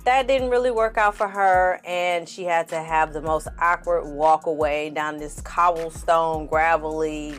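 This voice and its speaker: A woman's voice: sits low, steady tone, unhurried, hardly any pauses, soft background music. A woman giving a casual reaction commentary on a TV show, blunt and sassy, swearing freely and talking straight to her viewers. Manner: talks straight to the audience. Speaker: TV reviewer.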